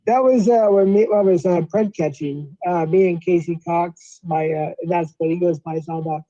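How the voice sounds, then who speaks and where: A high-pitched man hosting a livestream and chatting casually. His voice is mellow and dark in tone, and the audio has a dull, lo-fi quality. He rambles and cuts in often. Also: no echo. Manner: loose, rambling, quick to interrupt. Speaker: livestream host.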